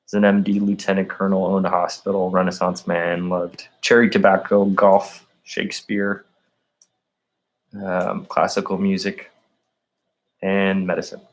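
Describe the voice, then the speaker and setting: A man's voice: deep voice, monotone, unhurried. A man vlogging in a meandering, stream-of-consciousness monologue, full of "like" and "um". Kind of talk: rambling solo monologue.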